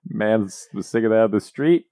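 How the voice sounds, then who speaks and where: A man co-hosting a podcast in casual comedic chat, teasing his partner with dry banter, in a small dark room. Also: lowish voice, expressive, brisk, no echo. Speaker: podcast co-host.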